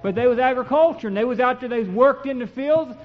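A man's voice: extremely high pitch, quick pace. A man preaching a sermon in a folksy, impassioned way, reading King James scripture aloud in a church. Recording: dull lo-fi recording with long hall reverb.

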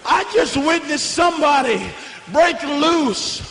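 A young man preaching a fiery revival sermon in a church, hollering and swinging between hushed lines and shouts. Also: very high-pitched, slow pace, a little hiss or hum. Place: church sanctuary. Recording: echoey church hall with long reverb.

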